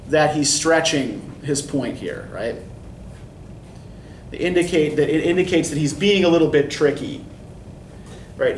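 A man teaching a college poetry class, explaining with a habitual "right?" to his students. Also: a little high. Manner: explanatory, often checks in with "right?". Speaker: college English instructor. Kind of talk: classroom lecture. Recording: echoey classroom from far off, faint noise.

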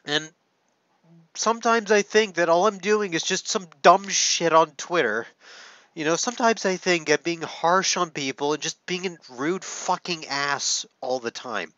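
A choked-up man speaks slowly and haltingly to camera, pausing often, cursing and restarting his sentences as emotion gets the better of him. His voice sits fairly high for a man. The recording is dry but dull and muffled. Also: sharp tone, dry recording. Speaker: content creator. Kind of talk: heartfelt confessional talk to camera. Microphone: camera setup.

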